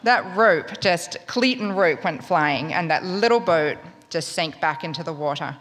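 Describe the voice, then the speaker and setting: A woman's voice: on the low side, animated, measured pace, fairly bright tone. A woman from Australia with an Australian accent, telling a wry, humorous true story in a conversational way. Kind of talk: live spoken storytelling. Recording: long reverb of a large hall.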